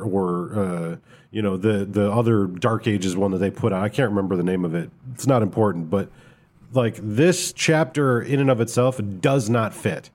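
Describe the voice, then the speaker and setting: A man's voice: fairly low pitch, darkish tone. A man co-hosting a casual podcast review of a tabletop game book, talking in a rambling, hesitant way with lots of fillers. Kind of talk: casual chat.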